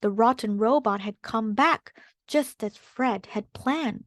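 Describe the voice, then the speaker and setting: Read-aloud host for kids; slow, clear woman, dry close sound. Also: a little high, no room sound. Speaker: storybook reader.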